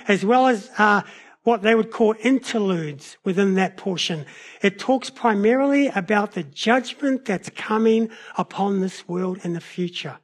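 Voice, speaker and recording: A man preaches a sermon in a notably high voice. He tells stories in an animated way, shifting his pace and loudness as he goes. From New Zealand. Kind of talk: sermon with personal storytelling.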